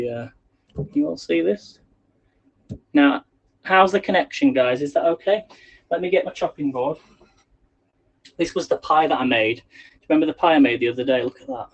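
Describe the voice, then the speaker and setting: A man's voice: mid-range voice, a little mellow, highs cut off. A man hosting a casual live cooking stream from his home kitchen, chatting and rambling to viewers while he cooks. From England. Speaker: livestream cooking host. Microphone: phone on a selfie stick.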